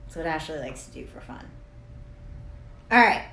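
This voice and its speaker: Talking directly to the camera in a loose, wandering monologue, this thirties-aged spiritual coach curses a lot and laughs at her own expense. Her deep, gravelly voice swings widely in pitch at a moderate pace. Background noise and room echo are audible.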